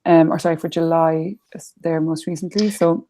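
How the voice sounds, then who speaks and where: Low, flat-voiced Irish woman reading the papers. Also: moderate pace. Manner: reassuring, reads out articles. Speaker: panelist reviewing the papers, on a video call. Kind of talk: casual chat, reading newspaper stories.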